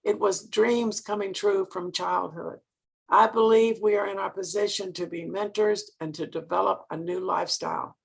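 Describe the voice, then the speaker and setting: A woman's voice: mid-range voice, fairly even intonation, moderate pace, vocal fry, slightly rough. An older woman from Mississippi, giving an earnest motivational sales talk and asking her listeners direct questions.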